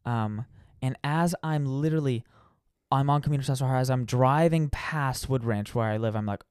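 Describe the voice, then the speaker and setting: A man tells an animated story in easy conversation, his voice smooth and clear. He jumps into other people's lines as he goes. The sound is dry and close. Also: mid-range voice, moderate pace, dry recording. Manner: animated storyteller, restarts and acts out quotes. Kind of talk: casual chat.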